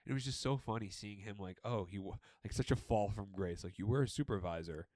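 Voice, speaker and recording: A young man co-hosting a podcast, chatting casually and telling animated, swear-filled stories about old jobs. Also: fairly low pitch, quick pace, no echo. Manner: animated storytelling, swears freely. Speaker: podcast co-host. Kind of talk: casual chat.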